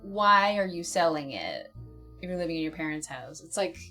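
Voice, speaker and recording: A woman's voice: deep voice, sing-song, normal speed, loud music behind the voice. Woman telling a story, laughing a lot. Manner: laughs often at herself, rambling. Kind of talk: casual storytelling chat.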